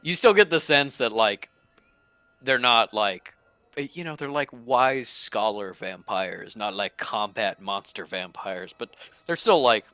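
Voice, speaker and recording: This is a man serving as game master, his voice bright and forceful. He talks in loose, rambling stretches, dropping into quick paraphrased character lines. The sound is close and dry. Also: lowish voice, clean tone, no room sound. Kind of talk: running a tabletop game, casual chat.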